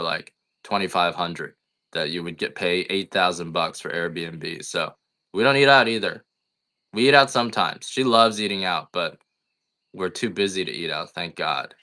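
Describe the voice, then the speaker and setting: A man's voice: low-pitched, bright, forceful tone. A middle-aged man who sells coffee on a livestream, chatting in a blunt, rambling, complaining way. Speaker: coffee farmer selling on a livestream. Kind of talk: casual livestream chat.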